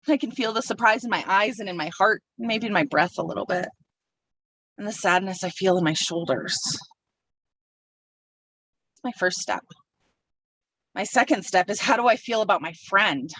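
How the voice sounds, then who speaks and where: A woman's voice: medium pitch, normal speed, pauses often, a bit bright, recorded from a distance, slight background noise, poor audio. A woman delivering a sermon from a pulpit, reflective and personal, speaking her feelings aloud as she works through them. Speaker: minister.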